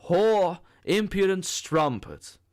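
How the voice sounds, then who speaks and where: A man voicing a furious young man who shouts harshly. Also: medium pitch, sing-song, takes it slowly, smooth.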